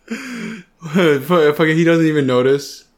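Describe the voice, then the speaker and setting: Casting note: young American man, lively higher voice, slow, laughs and swears often. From United States. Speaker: podcast co-host. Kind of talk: casual chat.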